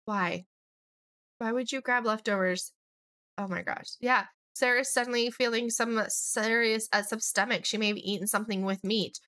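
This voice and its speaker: A young woman, slightly hoarse, chatting and rambling through a let's play of a life-sim game. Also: on the high side, steady tone, normal speed, bright, forceful tone, dry recording, clean studio sound. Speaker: gaming YouTuber.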